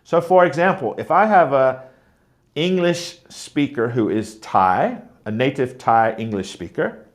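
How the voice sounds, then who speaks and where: A man's voice: mid-range voice, expressive, a little slow. A man teaching a pronunciation lesson, modelling stressed and unstressed syllables with exaggerated stress on example words. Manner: explains clearly, models sounds like mm-mm. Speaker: teacher trainer.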